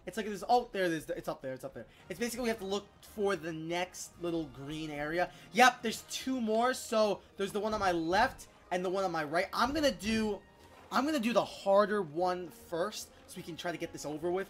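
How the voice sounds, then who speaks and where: A gameplay YouTuber giving casual let's-play commentary in an excitable, chatty way, quick to exclaim. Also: medium pitch.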